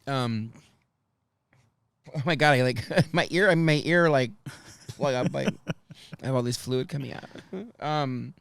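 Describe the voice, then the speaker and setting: A talkative man hosting a podcast, chatting loosely with lots of fillers and frequent laughter. His voice sits in a middle pitch range and is recorded close and dry, with no room sound around it. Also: measured pace, pauses often, a bit bright, clean tone, no room sound. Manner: chatty, emotional, laughs often, rambling with many fillers. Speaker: podcast host. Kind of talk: casual chat.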